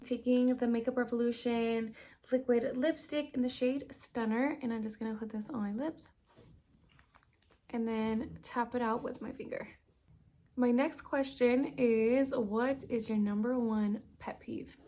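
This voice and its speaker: A young beauty vlogger with a slightly high, steady, warm voice chats a little slowly through a makeup tutorial and Q&A in a ring-lit room at home. She's bubbly and talkative, occasionally whispering asides.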